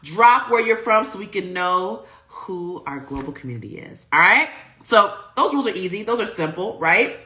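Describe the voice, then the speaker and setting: A woman's voice: medium pitch, sing-song, moderate pace, sharp tone, a little hiss or hum. A woman hosting a livestream show, hyped and playful as she greets viewers and reads out their comments over a video call. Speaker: host.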